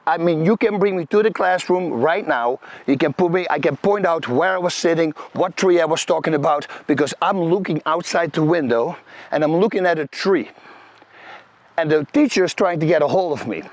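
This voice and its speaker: A man's voice: on the high side, dry recording. Emphatic man with a Dutch accent. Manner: animated, emphatic, slangy. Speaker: host. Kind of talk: personal storytelling to camera.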